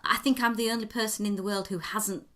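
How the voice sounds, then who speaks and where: A woman hosts a relaxed podcast chat. She mostly chimes in briefly and in a friendly way. Her voice sits at a mid pitch. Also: quick pace. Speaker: podcast host. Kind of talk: casual chat.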